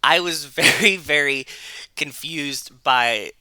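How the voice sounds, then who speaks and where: On a relaxed podcast about movies, this co-host chats with lots of energy and frequent laughter. His voice sits on the high side, slow, sharp, and clean, with no echo at all.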